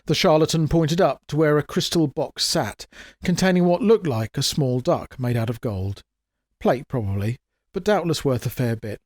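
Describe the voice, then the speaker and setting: A man reading his own comic fantasy story aloud in a wry, expressive way. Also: a little high, normal speed, dry recording, studio quality. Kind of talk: dramatic audiobook narration.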